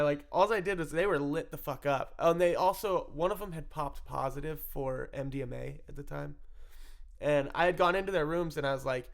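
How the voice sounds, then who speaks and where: A man with a fairly high, creaky voice tells the story of his own addiction. He rambles casually, swears freely, and laughs often between phrases.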